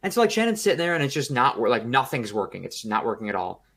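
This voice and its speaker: Profane, animated male podcast storyteller. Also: medium pitch, fast talker, gravelly, breathy edge. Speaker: podcast co-host. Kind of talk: casual podcast chat.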